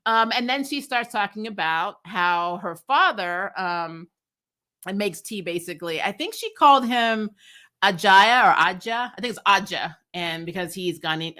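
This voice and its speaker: A woman's voice: medium pitch, pushed and bright. A woman casually reviewing a TV episode, frank and chatty, laughing often and swearing freely. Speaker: TV review vlogger. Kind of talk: casual spoiler review chat.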